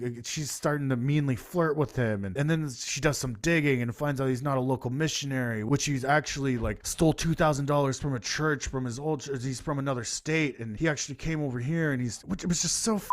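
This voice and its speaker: A man in his thirties ranting through a casual podcast film review, sarcastic and profane, stumbling over restarts. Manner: sarcastic, profane, restarts a lot, mocks lines in a high voice.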